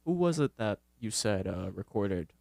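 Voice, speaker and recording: A man co-hosting a casual podcast chat, talking in quick bursts packed with "like" and "you know what I mean". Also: lowish voice, sing-song, gravelly, darkish tone, no room sound, clean studio sound. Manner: fast, filler-heavy, asks questions. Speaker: podcast co-host.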